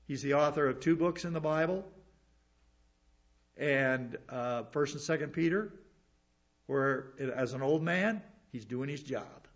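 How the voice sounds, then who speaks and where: A man's voice: mid-range voice, unhurried, pauses often. Earnest man preaching, dull lo-fi sound. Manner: earnest, explains scripture verse by verse with asides. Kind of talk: sermon.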